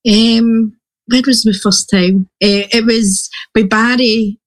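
Guest: mid-pitched speaker, hesitant and halting, casual chat. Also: steady tone. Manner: halting, many restarts and fillers. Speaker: guest sharing their story.

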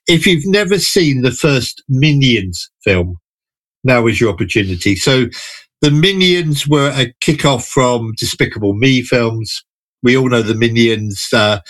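A man's voice: medium pitch, a bit bright, no echo. Chatty man reviewing films. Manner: enthusiastic, chatty, some halting restarts. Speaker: film reviewer. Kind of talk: casual radio chat. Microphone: studio microphone.

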